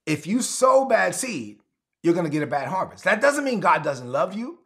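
Animated gravelly-voiced preacher man. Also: high voice, moderate pace. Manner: animated preaching, acts out people in quoted voices. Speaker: pastor. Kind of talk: sermon.

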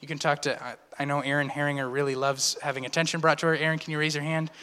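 Man, church announcements, hesitant with lots of ums, tense clear tone, slightly raised pitch. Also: little pitch movement, bright, forceful tone. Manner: halting, filler-heavy delivery. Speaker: pastor giving announcements. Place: church sanctuary. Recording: long church reverb.

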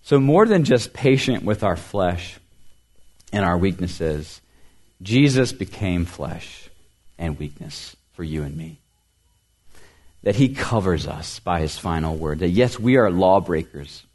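Male pastor, lower voice, earnest sermon delivery, climbs on emphasis, drops soft at phrase ends. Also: lively intonation, slow pace. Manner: earnest preaching, rising emphasis then dropping to soft low endings; repeats words for emphasis.

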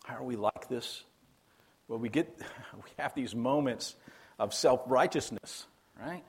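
A man's voice: mid-range voice, unhurried, husky. A man preaching a sermon as a pastor, in a conversational, emphatic way that repeats key phrases for weight.

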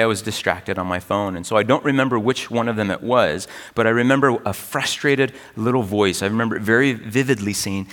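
Earnest preaching man in a reverberant hall. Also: medium pitch. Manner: earnest, expressive preaching with dramatic pauses. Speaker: pastor. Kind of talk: sermon.

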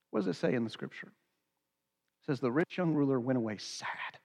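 A man's voice: medium pitch, animated, normal speed, vocal fry, pauses often, a little mellow, long reverb tail. A man preaching a sermon as pastor, earnest and acting out quoted dialogue.

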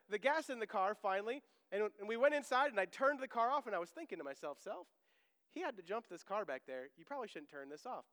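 A man's voice: high-pitched, fairly bright tone. A middle-aged man preaching as pastor in a church sanctuary, chatty and joking, then bursting into emphatic proclamation. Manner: conversational preaching with humorous asides and emphatic outbursts. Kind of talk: sermon. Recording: long church reverb.

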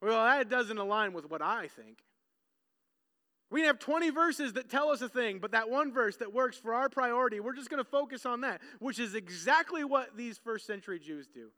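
A man preaching with a strikingly high, bright voice that rings out in a long-echoing hall. He delivers his sermon in an animated way and acts out the crowd's voices as he goes. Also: fairly quick, hardly any pauses. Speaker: pastor.

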